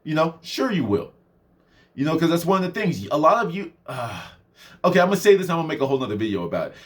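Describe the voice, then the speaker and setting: A very animated man with a fairly high voice talks fast in his casual motivational vlog. This vlogger and mentor rambles, laughs often, and acts out the people he quotes.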